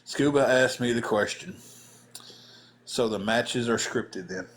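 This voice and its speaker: A man's voice: medium pitch, takes it slowly, fairly bright tone, a little hiss or hum. A man, a former pro wrestler, casually telling a story on a live stream, acting out the voices of the people in it.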